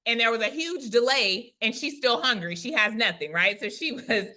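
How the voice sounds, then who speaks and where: A woman who is a Christian prophetic speaker, retelling a testimony in a chatty, animated way, often tagging lines with "right?". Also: a little high, normal speed. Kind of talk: conversational storytelling testimony.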